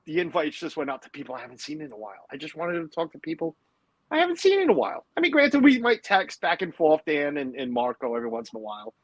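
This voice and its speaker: A man's voice: on the high side, wildly swooping pitch, quick pace, no echo, poor audio. A man hosting a casual livestream from home, chatting and rambling with lots of fillers. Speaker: livestream host. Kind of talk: casual chat.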